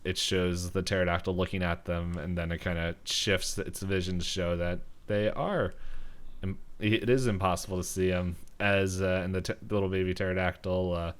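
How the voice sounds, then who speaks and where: Low-voiced man rambling through a recap. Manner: rambling with many fillers and laughs. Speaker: podcast host. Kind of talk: casual episode recap.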